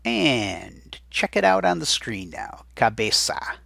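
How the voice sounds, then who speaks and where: In a recorded Spanish vocabulary lesson, a man chattily says each word slowly and repeats it so students can write it down. His mid-range voice swings widely in pitch and sounds creaky, bright, and forceful, with no echo.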